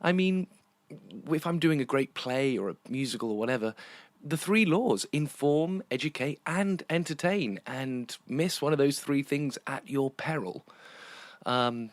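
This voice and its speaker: A man's voice: medium pitch, unhurried, dry recording. A British man hosting a theatre podcast, chatty and teasing with guests and talking at length on his own. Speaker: podcast host and theatre director. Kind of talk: casual interview chat and monologue.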